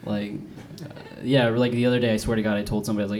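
A young male comic in his twenties rambles through a self-deprecating set, his voice sitting low. He leans on "like" and restarts as he goes. A live club crowd laughs behind him through steady noise. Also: racing, few pauses. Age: 20s. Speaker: stand-up comedian. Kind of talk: stand-up comedy set. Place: comedy club stage. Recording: noisy live comedy club. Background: audience laughter.

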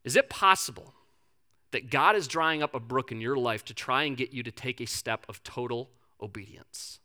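A male pastor preaching a sermon in a conversational, animated storytelling manner. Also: medium pitch, moderate pace.

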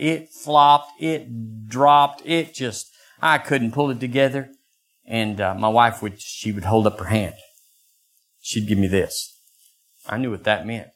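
An older man preaching a sermon as pastor, acting out quoted voices in lively bursts. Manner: animated, acts out voices with sudden high pitch jumps.

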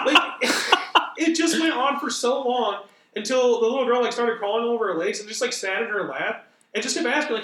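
High-voiced man, echoey and off-mic. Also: fairly quick, recorded from a distance, a little hiss or hum. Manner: animated storyteller who laughs a lot. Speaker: podcast co-host. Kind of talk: casual chat. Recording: echoey room, a bit off-mic.

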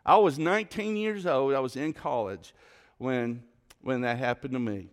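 A man's voice: mid-range voice, normal speed. A man preaching a sermon to his congregation as pastor, repeating and varying his questions with dramatic emphasis. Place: church sanctuary.

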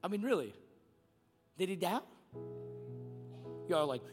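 A middle-aged man, a pastor preaching a sermon in an animated way, moving from quiet storytelling to shouting. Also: high-pitched, a little slow, long pauses, long reverb tail, soft background music.

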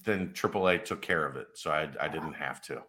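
Deep bright-toned joking co-host man. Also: brisk. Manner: joking storyteller, laughs often. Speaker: podcast co-host. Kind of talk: casual sports podcast chat.

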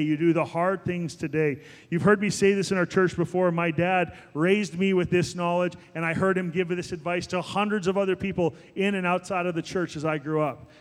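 A man in his forties preaching a sermon as pastor, animated and emphatic, rising to higher peaks. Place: church sanctuary. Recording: long hall reverb.

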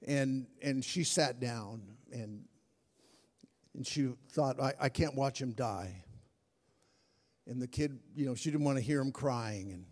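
A middle-aged man preaching a sermon as pastor, telling a story in a lively, animated way. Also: medium pitch. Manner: storytelling, animated, acts out his own panic. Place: large church hall. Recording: long hall reverb.

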